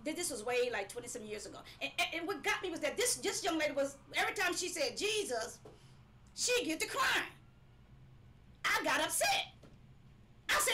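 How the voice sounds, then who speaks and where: A woman's voice: high voice, sing-song, normal speed, pauses often, pushed and bright, slight background noise. A woman preaching a live-streamed sermon, emphatic and repetitive, sometimes breaking into laughing cries.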